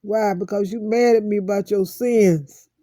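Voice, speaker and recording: Woman vlogger, emotional monologue, aggrieved and repetitive, dark warm voice, dead-dry sound. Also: mid-range voice, fairly even intonation, no echo. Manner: aggrieved, repeats phrases over and over; slow, heavy pauses.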